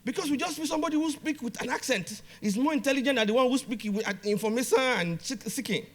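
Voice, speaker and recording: Emphatic bright-voiced man addressing a hall. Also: extremely high pitch, fast. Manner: emphatic, repeats phrases, addresses audience directly. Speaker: conference speaker. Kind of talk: motivational conference talk. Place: conference hall.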